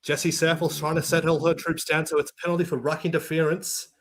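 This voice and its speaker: An Australian male sports commentator with a high voice calls the action live in an excitable play-by-play. He talks rapidly and breaks into shouts whenever there's a big run.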